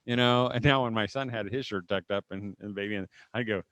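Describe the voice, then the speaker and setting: A middle-aged man speaking at a homeschool conference before a live audience. He tells stories with humor and quick asides, often restarting his sentences, and ends by leading a prayer. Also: lowish voice, fairly bright tone, clean tone, no room sound. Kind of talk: live seminar talk with humor, closing in prayer.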